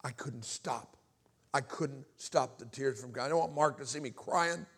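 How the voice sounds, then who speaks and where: A middle-aged evangelist from Alabama whose voice carries a gravelly edge. He tells his story from the pulpit, dropping low and hushed, then climbing into loud, impassioned cries. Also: normal speed. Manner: impassioned, swings from hushed to shouting. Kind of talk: testimony sermon.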